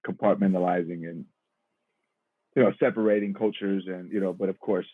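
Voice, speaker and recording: A man's voice: low voice, fairly even intonation, fairly quick, husky, no room sound, narrow, tinny audio. A man in his thirties, an actor and podcast guest, talking casually and reflectively, laughing easily. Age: 30s. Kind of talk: casual interview chat.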